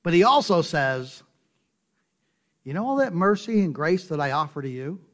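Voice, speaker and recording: A male pastor preaching a sermon, emphatic and full of rhetorical questions, dropping to soft low asides and rising to loud stressed points. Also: big pitch swings, normal speed.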